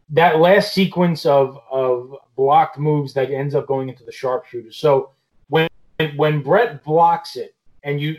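Man, slightly high voice, casual chat, descriptive storyteller. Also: poor audio.

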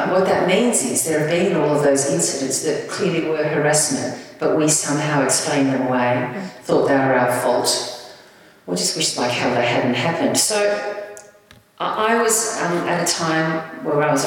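A woman's voice: low voice, normal speed, slight background noise. A middle-aged woman, telling anecdotes as an author at a live event. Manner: animated anecdotal storytelling with laughs. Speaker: author and guest speaker. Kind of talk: live stage conversation, storytelling. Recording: echoey hall from far off.

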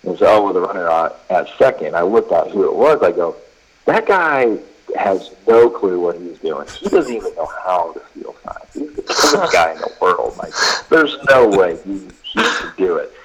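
A man with a very low, husky voice tells baseball stories in a loose, conversational way. He keeps stacking "you know" and "like" and acts out both sides of an argument. It has a broadcast-style sound. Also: very animated, normal speed, low-quality recording. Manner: rambling anecdotes full of fillers and quoted dialogue. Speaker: college baseball head coach. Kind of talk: casual podcast chat, storytelling.

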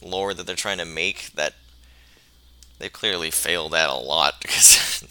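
Low, bright-toned man in laid-back chat. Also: measured pace, smooth. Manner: laid-back, laughing, argumentative. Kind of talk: casual chat about a video game.

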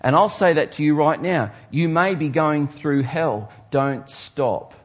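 A pastor preaching a sermon, emphatic and dramatic, dropping low and quiet and then rising loud. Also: male voice, unhurried. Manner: emphatic preaching, swings between soft and loud.

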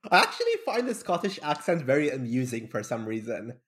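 A man's voice: mid-range voice, very animated, fairly quick, fairly bright tone. A young man from Bahrain, a podcast guest, talking casually and rambling with lots of fillers and restarts. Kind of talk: casual conversation.

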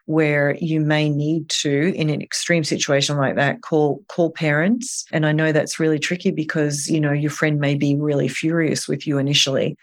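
Gentle reassuring woman on a podcast. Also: deep voice, flat delivery, normal speed, hardly any pauses. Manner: gentle, reassuring, thinking aloud with fillers. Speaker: guest therapist. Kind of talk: podcast interview.

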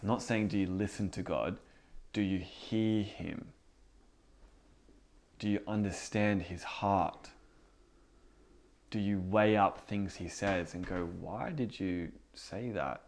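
A man's voice: sits low, steady tone, takes it slowly, pauses often. A young man in his twenties giving a casual spoken teaching as a youth pastor, talking in a conversational way with frequent fillers and repeated words.

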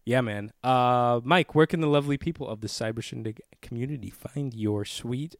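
A man's voice: medium pitch, moderate pace, no room sound. A young man co-hosts a casual podcast, chatting loosely with friends, laughing often and swearing without a second thought. The recording is close and dry, with no room around the voice. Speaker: podcast co-host.

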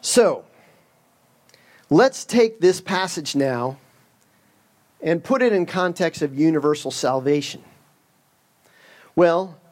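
A man delivers a sermon in a relaxed, conversational manner, his voice sitting a little higher than most men's. He works a funny story in, with joking asides throughout. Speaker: preacher.

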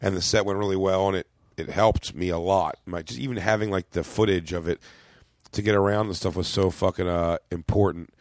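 Man, comedian, rambling casual chat, deep voice, dry studio recording. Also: brisk, no echo. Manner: rambling with fillers and restarts, excitable. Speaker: comedian podcast guest. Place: podcast studio.

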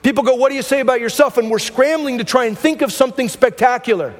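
A man's voice: very high voice, quick pace, big-room sound. A man pastor preaching a conversational sermon to his church, often asking "right?" to the congregation. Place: church sanctuary.

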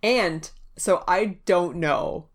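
A woman's voice: on the low side, very slow. Wry sarcastic female podcast co-host. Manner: wry, sarcastic, laughs often. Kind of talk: casual chat.

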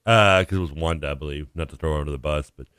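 A man's voice: very deep voice, racing, fairly bright tone, smooth, no room sound, clean studio sound. A man co-hosting a radio sports talk show, telling a long funny story in casual chat, acting out the voices he quotes and laughing often. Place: radio studio. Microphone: studio microphone.

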